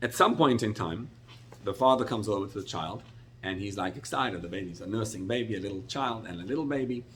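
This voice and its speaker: A middle-aged man, a rabbi, teaching a Torah class with animated, expressive storytelling and sudden jumps in pitch. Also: fairly quick, a little hiss or hum.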